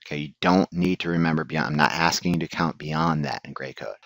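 Man, lecture, very low voice, dry sound, blunt joking teacher, asks and answers his own questions. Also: brisk, gravelly, a bit bright, dry recording. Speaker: instructor. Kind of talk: recorded lecture.

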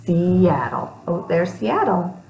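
A woman's voice: on the low side, very animated, slow pace, creaky, darkish tone, reverberant, faint music behind, low-quality recording. A woman reading a picture book aloud to young children, breaking off for chatty asides to them.

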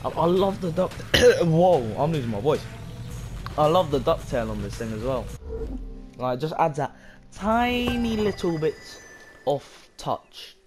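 A young man giving casual, rambling commentary over his own racing gameplay, self-mocking and breaking into excited bursts. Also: a little high, a little slow, over music. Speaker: gaming video creator.

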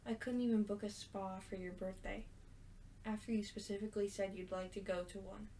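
A woman reading aloud the lines of a hurt but gentle young woman from a story game, in an earnest voice. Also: mid-range voice, steady tone, a little fast, a little hiss or hum, close to an everyday voice. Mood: tender.

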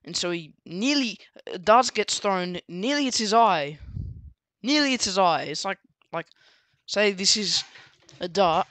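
Rambling casual storyteller, bright dry voice. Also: mid-range voice, expressive, unhurried, no echo. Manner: rambling, full of fillers and restarts. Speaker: book reviewer.

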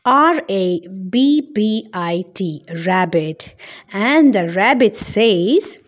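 A woman narrating a toddler puzzle video, talking in a slow, sing-song teacher voice. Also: medium pitch, animated. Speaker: children's educational narrator.

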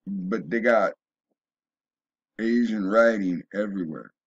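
Man, rambling opinion monologue, husky voice, stumbling restarts, dull lo-fi sound. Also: fairly low pitch, takes it slowly. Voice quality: stumbling restarts, emphatic rising bursts. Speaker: video blogger.

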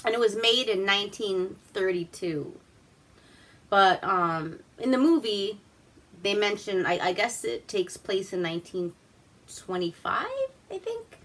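Slow, bright-voiced woman from Alaska. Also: medium pitch, expressive. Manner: crude, swearing, rambling. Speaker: movie review host. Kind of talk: casual, rambling movie recap.

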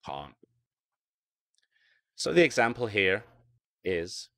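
Slow, animated British man teaching English. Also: on the low side, dry recording, studio quality. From Britain. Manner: slow, carefully enunciated, repeats words for drilling. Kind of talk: online ESL lecture.

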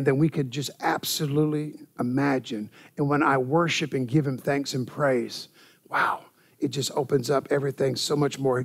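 A male pastor preaching a church sermon in an animated way, often repeating words and saying "amen". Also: a little high.

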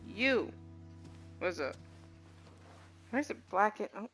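Woman gamer narrating her playthrough, bright and slangy, game music behind. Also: mid-range voice, slow. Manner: slangy, animated, chatty. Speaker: gaming streamer. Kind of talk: casual let's-play commentary.

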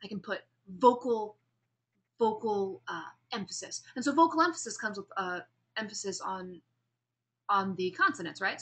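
A woman teaching a speech class, lecturing on delivery, showing how pitch and emphasis change, and calling on students with questions. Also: fairly bright tone. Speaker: speech instructor.

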